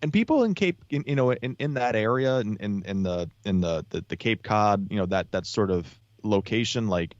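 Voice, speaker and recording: A man's voice: on the low side, animated, moderate pace, few pauses, no room sound. A man, a podcast guest, chatting casually and circling back with many restarts and fillers. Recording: dull lo-fi sound, dry.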